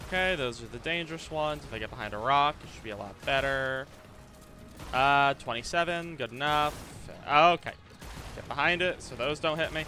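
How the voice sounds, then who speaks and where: Male streamer, mid-pitched and bright, muttering and cursing as he plays. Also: animated, moderate pace, slight background noise. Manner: thinks aloud, stammers and repeats himself, swears when frustrated. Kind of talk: live gaming commentary.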